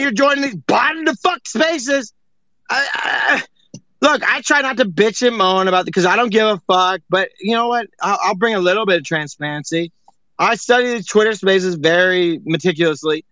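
Brief: high-voiced man, profane and rambling, hosting a casual online chat; tight, bright tone. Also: dry recording, highs cut off. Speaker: host. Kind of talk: casual chat on an audio stream.

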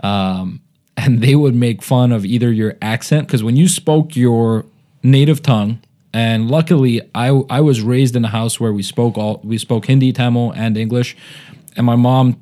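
A man's voice: mid-range voice, normal speed, warm tone. A man with an American accent, a comedian hosting a podcast, talking in a thoughtful, rambling way with many fillers. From United States, Indian family. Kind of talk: casual chat.

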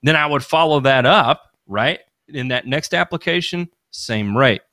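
A man at mid pitch talks through his ideas in a loose, rambling way, circling back and restarting his sentences as he goes. He sounds like a podcast host in casual expert chat. The sound is close and dry. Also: expressive, a little slow, sharp tone, no echo. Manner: rambling, restarts a lot, hands-on explainer.

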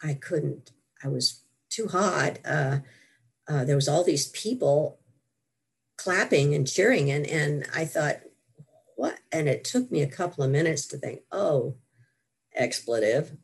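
An older woman, a guest author, telling her story in an interview with lively asides and frequent laughs. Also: deep voice, a little slow, vocal fry, breathy edge. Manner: animated storytelling, laughs often.

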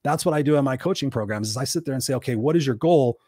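A man working as a life coach, telling a motivational story in an animated, casual way with some swearing. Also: mid-range voice, racing, husky, no room sound, studio quality. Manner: animated retelling with repeated quotes, casual swearing.

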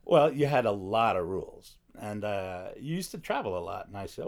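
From the back room of a recording studio, a middle-aged male guest talks casually in a lowish, slightly mellow voice with big pitch swings and a brisk pace. He is reflective and blunt, swearing now and then.

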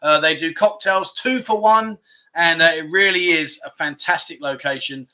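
A man's voice: fairly high pitch, normal speed, bright, forceful tone. A man hosting a casual livestream, reading out viewer guesses and teasing the chat in a jokey way. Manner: jokey, banters with chat, lots of mate and no. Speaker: livestream host.

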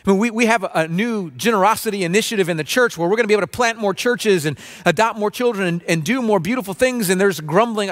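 A pastor delivering a sermon in an earnest, preacherly way, acting out grumbling voices. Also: male voice, high voice, quick pace, few pauses, fairly bright tone. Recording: long reverb of a large room.

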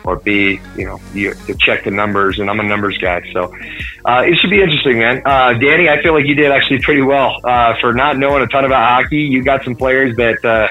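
Bright-voiced man rambling about sports. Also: mid-range voice, steady tone, brisk, soft background music, poor audio. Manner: rambling, many restarts and fillers. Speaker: podcast co-host. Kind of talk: casual sports chat.

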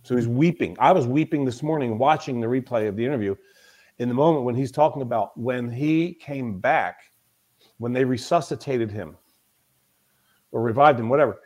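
An emphatic man at a middle pitch, speaking as a guest in a relaxed podcast interview. He tells stories with plenty of emphasis and often circles back to repeat a point. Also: moderate pace. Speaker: podcast guest, mental toughness coach. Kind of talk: conversational interview.

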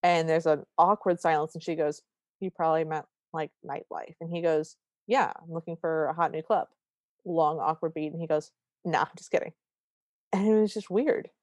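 This podcast co-host, a woman whose voice sits low, goes through a film scene by scene at a normal speed, with no room sound in the recording. Chatting casually, she animates the retelling by performing the characters' quoted lines.

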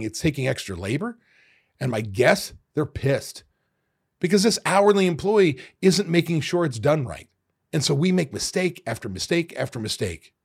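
A middle-aged man hosting a solo podcast, retelling restaurant owners' complaints in an animated, exasperated way with mild swearing. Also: mid-range voice, vocal fry, husky. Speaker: podcast host.

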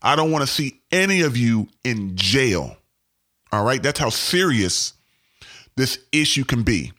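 A man's voice: medium pitch, sing-song, measured pace, pushed and bright. A man in his forties from Maryland hosting a renovation podcast, upbeat and emphatic, repeating words for effect. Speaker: podcast host. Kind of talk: podcast intro and interview.

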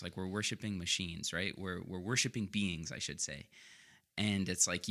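Lower-voiced Canadian-raised man, bright tone. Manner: affirming, backchannels often, restarts when thinking. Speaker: podcast co-host. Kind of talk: casual faith discussion.

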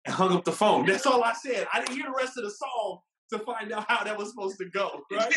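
Man, casual storyteller, animated, acts out quotes, high voice, roomy echo. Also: fast talker, hardly any pauses, over a noisy crowd. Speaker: guest telling his love story.

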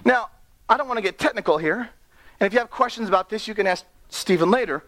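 A young man preaching a sermon, animated and playful, reading scripture and laughing at his own asides. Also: high-pitched, fast talker, background noise.

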